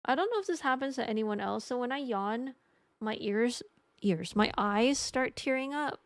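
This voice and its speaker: A woman's voice: on the high side, expressive, moderate pace, no echo. A young adult woman chatting casually with her live-stream audience, rambling and joking at her own expense. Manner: chatty, rambling, self-mocking.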